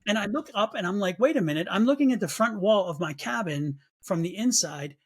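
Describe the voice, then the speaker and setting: Animated, high-voiced man telling a spirit story. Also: a little fast, slightly rough. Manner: animated, acts out his own past reactions in a raised voice; repeats words while restarting sentences. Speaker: psychic medium guest. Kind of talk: storytelling interview chat.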